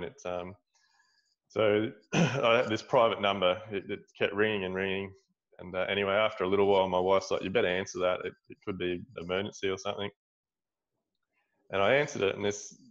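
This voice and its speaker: Australian man, fairly low voice, rambling casual storytelling, muffled lo-fi sound. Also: a bit bright. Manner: rambling, many restarts and "like". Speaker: guest, builder running seminars.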